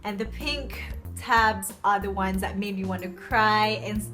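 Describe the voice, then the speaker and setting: A young woman chatting casually about books she loves, gushing and excitable, with lots of fillers. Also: mid-range voice, measured pace. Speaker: book reviewer. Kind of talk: casual book review chat. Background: soft background music.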